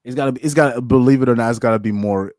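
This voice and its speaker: A man's voice: medium pitch, very fast, a little mellow, no echo, studio quality. A man hosting a casual podcast chat, laid-back and slangy, chuckling between points. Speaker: podcast host.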